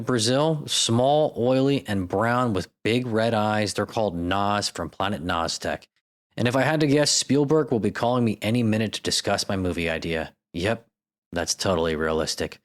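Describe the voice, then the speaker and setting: A man's voice: fairly low pitch, moderate pace. A man hosting a comedic solo podcast, riffing sarcastically and with plenty of profanity. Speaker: podcast host.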